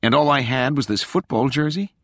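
A man's voice: medium pitch, a little fast, fairly bright tone, no echo, clean studio sound, pitched above the performer's own voice. A man voicing a wry young woman who teases and needles in a sarcastic, exasperated way. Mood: wry teasing.

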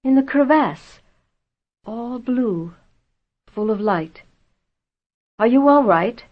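Woman doing a worn out guy on a sled trek, hushed and gaspy, kinda dull lo-fi audio. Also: mid-range voice, a little slow, close to an everyday voice. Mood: breathless. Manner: gasping, hushed. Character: weary male sled companion, steady and calm.

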